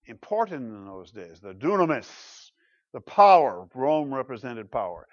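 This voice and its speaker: A man's voice: mid-range voice, sing-song, normal speed. Emphatic man preaching, lo-fi sound. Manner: emphatic, asks rhetorical questions, swings between loud and soft. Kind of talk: sermon. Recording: dull lo-fi sermon recording.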